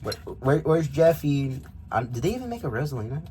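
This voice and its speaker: A man's voice: medium pitch, very animated, brisk, mellow, a little hiss or hum. A man reviewing a toy figure in a casual vlog, rambling and interrupting himself with frequent asides. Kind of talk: casual unboxing vlog chat. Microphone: camera microphone.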